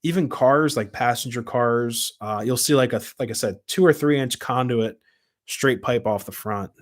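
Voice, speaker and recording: A man's voice: medium pitch, moderate pace. A man casually hosting a live stream from home, rambling through his points and answering viewer comments as he goes. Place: home room with model trains. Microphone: camera mic at his desk.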